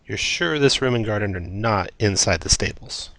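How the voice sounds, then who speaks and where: A man's voice: lowish voice, lively intonation, moderate pace, gravelly, fairly bright tone. A man running a tabletop game as dungeon master, narrating scenes descriptively with occasional fillers.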